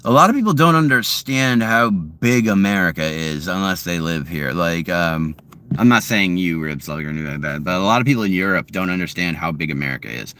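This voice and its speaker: A man's voice: low voice, animated, fairly quick, sharp tone. Crude, rambling guy. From Massachusetts. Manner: crude, rambling, laughing, swearing. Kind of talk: casual chat to viewers.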